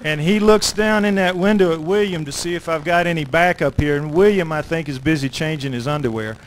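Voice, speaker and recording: A middle-aged man, an author and lecturer, telling a story to an audience in an animated way with dramatic pauses. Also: on the high side, a little hiss or hum, rough recording.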